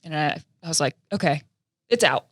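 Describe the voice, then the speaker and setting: A woman guest on a podcast, telling a story in animated casual chat. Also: low-pitched, moderate pace, dry recording. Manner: animated, expressive retelling.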